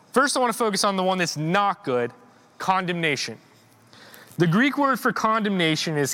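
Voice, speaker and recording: A man preaches in a church in a loose, conversational way, with a voice pitched high for a man. He often repeats words as he searches for them. When he stresses a point, his voice climbs and gets louder. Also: clear, resonant tone. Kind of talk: informal sermon.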